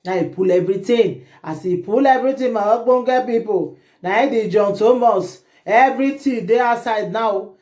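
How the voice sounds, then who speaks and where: Recorded with a roomy echo, this vlogger speaks in a higher-leaning voice at normal speed, her Nigerian Pidgin accent coloring an indignant, lively gossip tale told to her viewers.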